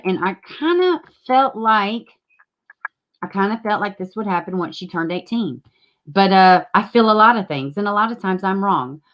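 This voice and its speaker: A woman's voice: mid-range voice, fairly bright tone. A woman hosting a casual live stream, greeting viewers by name and swearing freely. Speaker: livestream host.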